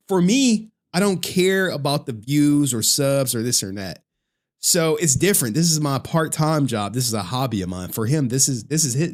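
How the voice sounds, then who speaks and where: Laid-back man streaming to his chat. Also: medium pitch. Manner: loose and profane, laughs often; talks straight to his chat. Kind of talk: casual live-stream chat.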